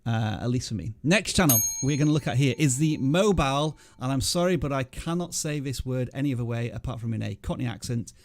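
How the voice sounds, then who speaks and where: A man's voice: mid-range voice, animated, fairly quick, hardly any pauses, dry recording. A man hosting a livestream panel, chatting casually and joking at his own expense. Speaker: livestream host. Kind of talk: casual panel chat reviewing channels.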